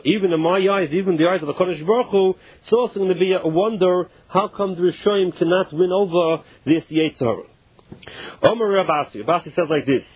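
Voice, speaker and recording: A man teaching a Talmud class, reading phrases slowly and then explaining them casually with many "like"s. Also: sits high, slightly rough, no room sound. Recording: muffled, dull and dry lo-fi recording.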